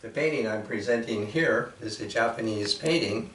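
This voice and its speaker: A man giving a reflective, unhurried talk, with measured pauses and frequent fillers. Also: lowish voice, a bit bright, slight background noise. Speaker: speaker presenting a painting. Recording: roomy echo from a distant mic.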